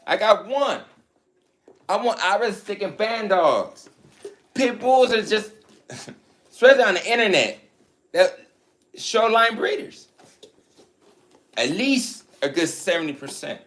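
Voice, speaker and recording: A man's voice: high voice, lively intonation, a little slow, pauses often, a bit bright. A man who breeds dogs, ranting in a blunt, profane, boastful way and mocking his rivals. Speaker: dog breeder. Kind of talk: casual rant to camera.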